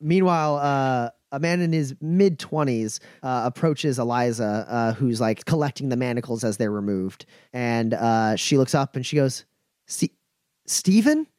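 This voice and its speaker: A man's voice: mid-range voice, moderate pace, few pauses, darkish tone, smooth, no room sound, studio quality. A man narrating as game master of a tabletop role-playing game, with a loose delivery full of fillers.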